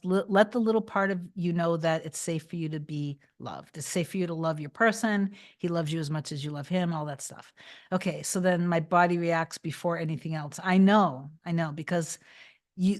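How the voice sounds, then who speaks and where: A woman with a slightly low voice chats casually on a livestream. She rambles, restarts her sentences and fills gaps with "um" and "like". When she gives advice her voice goes soft and reassuring. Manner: chatty, rambling, with many restarts and fillers. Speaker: manifestation coach answering live chat.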